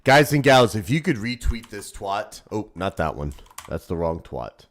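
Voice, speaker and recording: A male streamer in his thirties, talking off the cuff to his live chat. His pitch jumps all over the place, from booming shouts down to quiet muttering, and he is crude and teasing throughout. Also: big pitch swings, measured pace. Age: 30s. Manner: rowdy, profane, teasing, swings between loud shouts and low mumbles.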